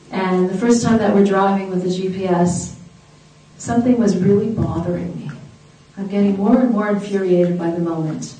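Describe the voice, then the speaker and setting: A woman's voice: medium pitch, distant mic, slight background noise. Woman lecturing in an echoey hall. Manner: animated, engaging, asks the audience. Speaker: speaker. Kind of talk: lecture to an audience.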